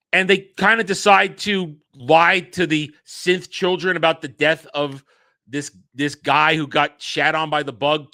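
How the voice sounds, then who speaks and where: A man's voice: a little high, bright, forceful tone, no room sound. A man reviewing a TV episode in casual commentary, ranting with exasperated sarcasm. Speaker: show reviewer.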